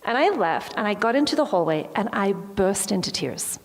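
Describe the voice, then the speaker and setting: A woman's voice: medium pitch, big pitch swings, normal speed, noisy background. A woman giving a motivational talk to a live audience, telling a personal story and acting out her own reactions. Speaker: motivational speaker. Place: large hall with an audience. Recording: long hall reverb.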